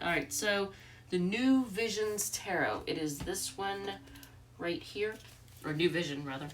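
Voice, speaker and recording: A woman's voice: lowish voice, measured pace, recorded from a distance, a little hiss or hum. A congested woman giving a casual, rambling tarot reading, full of fillers and restarts. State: congested from allergies. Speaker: tarot reader.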